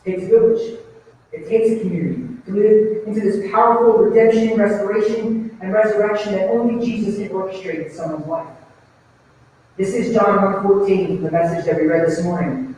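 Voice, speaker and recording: Male pastor with a high voice, conversational sermon, distant mic in a reverberant church hall. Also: steady tone, fairly quick, a little mellow, muffled recording, slight background noise. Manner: conversational preaching, asks the congregation rhetorical questions. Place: church sanctuary.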